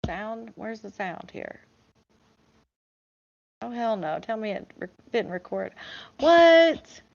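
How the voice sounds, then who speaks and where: A woman's voice: fairly high pitch, big pitch swings, takes it slowly, vocal fry, lo-fi sound. A woman hosting a casual commentary stream, reacting bluntly to video clips with disbelief and some swearing. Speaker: host.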